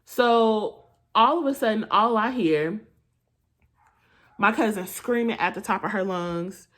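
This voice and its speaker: A young woman chatting through a storytime while doing her makeup, with animated asides to her viewers, recorded on a phone at home. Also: mid-range voice, a little slow. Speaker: beauty vlogger. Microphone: phone camera.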